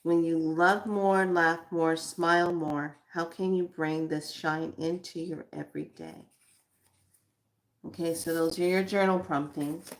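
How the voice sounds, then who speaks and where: A woman with a fairly low voice leads a spiritual card reading with journal prompts. She speaks very slowly and thoughtfully, asking the same questions again and again. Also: steady tone. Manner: slow and reflective, repeats questions to the listener.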